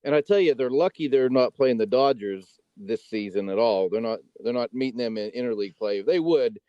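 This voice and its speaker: Male co-host, measured delivery, dry and dull-sounding recording. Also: medium pitch, lively intonation, dry recording. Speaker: podcast co-host. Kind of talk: casual sports chat.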